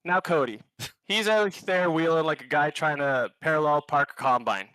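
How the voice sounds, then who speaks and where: Bright, boastful Canadian man. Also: fairly high pitch, moderate pace, clean tone, no echo, poor audio. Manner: boastful, alliterative trash talk. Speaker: league racer giving a driver intro. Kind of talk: scripted comic hype intro.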